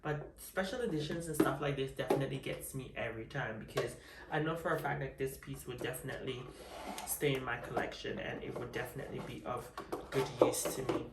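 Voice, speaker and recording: A woman's voice: extremely low pitch, brisk, echoey room, recorded from a distance, very noisy. A woman chatting casually in an unboxing vlog, sassy and flamboyant, calling her viewers honey. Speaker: vlogger.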